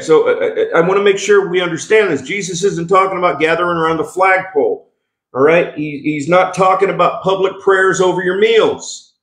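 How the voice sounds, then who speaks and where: A man's voice: on the high side, a bit bright. A male pastor preaching a sermon, emphatic, with call-and-response asides and frequent restarts. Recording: echoey room.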